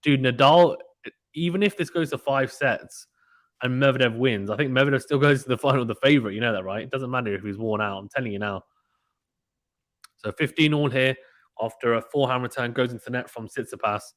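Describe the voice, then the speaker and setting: Male streamer, casual excitable play-by-play, dry booth sound. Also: mid-range voice, fairly quick, no room sound. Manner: chatty, excitable, uses British slang. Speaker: live tennis stream commentator. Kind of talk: casual live play-by-play commentary reading chat.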